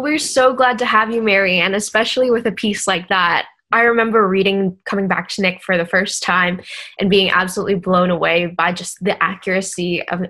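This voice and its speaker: A woman's voice: fairly low pitch, sharp tone. A woman moderating a writing contest showcase, introducing readers and asking formal, prepared questions politely.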